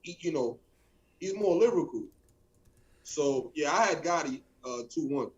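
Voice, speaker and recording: A man with a fairly high voice chats casually as a co-host. He sounds laid-back and teasing, and he drops "man" into his talk again and again. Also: expressive, a little slow, dull audio. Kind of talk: casual chat.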